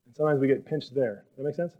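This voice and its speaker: A man preaching a sermon as pastor in a casual, animated way, sometimes acting out what others might say. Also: medium pitch, fast talker. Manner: animated, conversational, acts out quoted speech. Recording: dull lo-fi recording.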